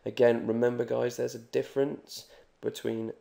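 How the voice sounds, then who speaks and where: A man teaching Spanish grammar in a video lesson, joking and reassuring as he repeats examples slowly. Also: mid-range voice, little pitch movement, vocal fry, mellow.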